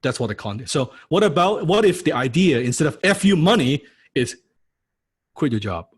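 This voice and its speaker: A man's voice: on the high side, very animated, normal speed, slightly rough. A man teaching a recorded course lecture in a punchy, blunt way, firing rhetorical questions and checking "right?" after each point. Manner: blunt, occasionally swears for emphasis. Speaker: course instructor.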